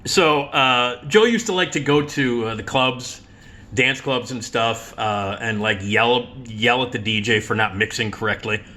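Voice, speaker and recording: A man's voice: mid-range voice, a little slow. A middle-aged man tells personal stories casually, swearing freely and laughing along the way. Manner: animated, profane, laughs while telling stories. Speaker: radio host. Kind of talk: casual storytelling monologue.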